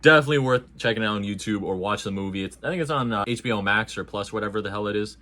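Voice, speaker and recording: Man, lowish voice, casual movie review, animated, slangy, jokey. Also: racing, a little hiss or hum.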